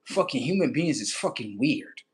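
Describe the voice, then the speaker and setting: A man's voice: mid-range voice, expressive, moderate pace. A man telling a story in a casual, profane, ranting way on his livestream.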